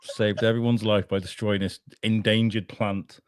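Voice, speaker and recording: A man's voice: lowish voice, level tone, moderate pace, clear, resonant tone, dry recording, clean studio sound. An English man, a podcaster guest, tells a rambling, self-mocking story, swearing and laughing as he goes. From England. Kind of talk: casual anecdote in an interview.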